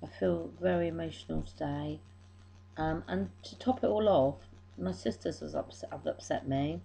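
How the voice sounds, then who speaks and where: A woman's voice: low-pitched, normal speed, gravelly, warm tone, husky, rough recording. A middle-aged woman, tearful, rambling and apologetic as she talks through her day in a home diary vlog. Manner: rambling, apologetic, self-deprecating. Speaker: vlogger.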